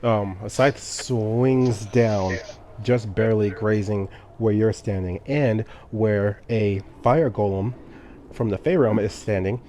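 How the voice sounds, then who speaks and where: A man narrating as game master in a tabletop game, quick and matter-of-fact. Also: fairly low pitch, mellow, a little hiss or hum.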